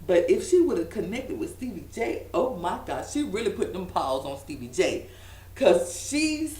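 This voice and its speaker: A woman chatting through a reality show recap, her pitch swinging up and down as she acts out the quotes. She laughs between lines and sounds a little off the mic, in a room with a lot of echo. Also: recorded from a distance. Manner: animated, gossipy, laughing asides, acts out quotes. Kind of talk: casual recap chat. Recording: roomy echo, a bit off-mic.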